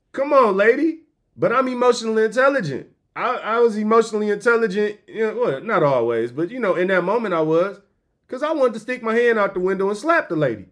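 A man hosting a podcast, telling stories in an animated, joking, slangy way. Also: high voice. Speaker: podcast host. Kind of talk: comedic motivational storytelling.

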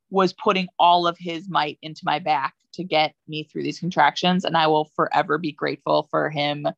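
A woman's voice: fairly low pitch, gravelly, no room sound. A young adult woman, a podcast guest, telling a personal story in a casual, chatty way with many fillers. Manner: chatty, many fillers, lively when quoting herself. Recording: dull lo-fi, dry sound.

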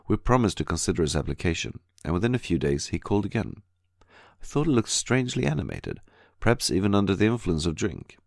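A man reading a diary audiobook aloud in a measured, steady scripted narration. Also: deep voice, vocal fry, dry recording, studio quality.

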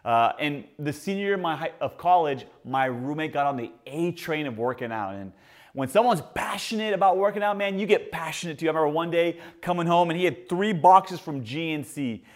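A man in his forties preaches a sermon, his voice sitting a bit higher than most men's. He tells stories with animated swings in pitch and loudness. He calls out to the congregation and leads them in prayer. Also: fairly quick. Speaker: pastor.

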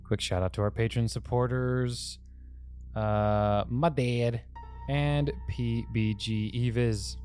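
A man running a tabletop game, describing scenes in an unhurried way with frequent fillers. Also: medium pitch, steady tone, darkish tone, faint music behind. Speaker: game master.

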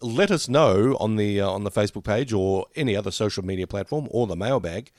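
A man's voice: fairly low pitch, brisk, no room sound, clean studio sound. A man co-hosting a casual podcast, laughing often and poking fun at himself. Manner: laughs often, lively, self-deprecating. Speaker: podcast co-host.

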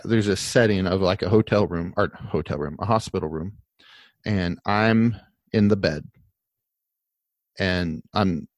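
A man's voice: sits low, no room sound. A man telling a long personal story in casual conversation, rambling and candid, with many fillers and restarts, earnest and emotional.

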